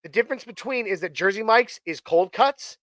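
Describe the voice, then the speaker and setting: Male stream host, fairly high and smooth voice, rambling and chatty, dry close sound. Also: expressive, fairly quick, fairly bright tone, no room sound, poor audio. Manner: chatty and rambling, many fillers and restarts. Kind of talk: casual chat on a live stream.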